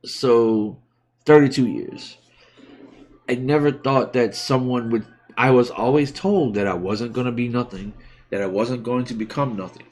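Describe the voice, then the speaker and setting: A man in his forties from the United States, hosting a live stream and speaking openly and emotionally about his own life, with many pauses and restarts. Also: mid-range voice, darkish tone. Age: 40s. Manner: halting and heartfelt, many restarts. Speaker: livestream host. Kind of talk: emotional personal talk.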